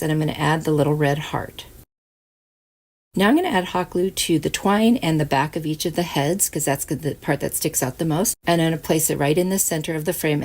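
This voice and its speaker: A woman's voice: deep voice, vocal fry. A woman hosting a craft channel, chatting casually through each step of a DIY tutorial voice-over. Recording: soft music behind.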